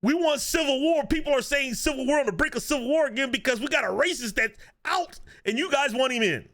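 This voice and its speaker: A man co-hosting a casual podcast, talking in an animated, ranting way and breaking into laughter. His voice sits high and swoops all over the place, with a bright, forceful edge. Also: fast talker. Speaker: podcast co-host. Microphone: video podcast mic.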